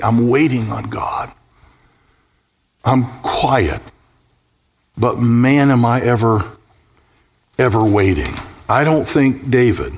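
A male pastor delivers a sermon in a church, his voice mid-pitched. He moves between steady explanation and climbing, fervent emphasis. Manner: preaching, rising to high impassioned peaks.

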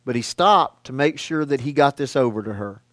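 A man preaching a sermon, talking in a conversational way and asking the listeners questions, his delivery swinging from loud emphasis to a hushed tone. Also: medium pitch, expressive, moderate pace, dry recording.

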